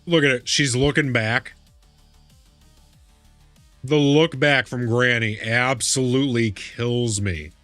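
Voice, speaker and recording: A man live streaming a game, chatting casually and reacting excitably, laughing and swearing as he goes. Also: medium pitch, slow pace, pauses often, no room sound, faint music behind. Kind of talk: casual chat while gaming.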